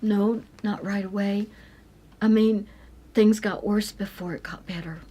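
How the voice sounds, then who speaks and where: A middle-aged woman sharing a personal faith testimony, earnest and tender, and sometimes dropping to a soft whisper. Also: mid-range voice, steady tone, measured pace, breathy edge. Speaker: Christian speaker sharing her testimony.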